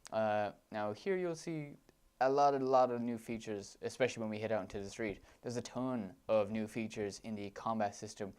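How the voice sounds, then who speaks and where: A man's voice: lowish voice, darkish tone, clear, resonant tone. A man with an Irish accent giving enthusiastic commentary over gameplay footage, gushing about what he sees. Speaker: let's play commentator.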